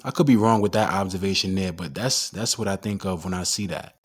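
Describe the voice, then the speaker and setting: A man's voice: sits low, brisk, breathy edge. A man talking casually while explaining images and reading scripture aloud. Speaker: commentator on symbolism and scripture. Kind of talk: casual screen-share commentary.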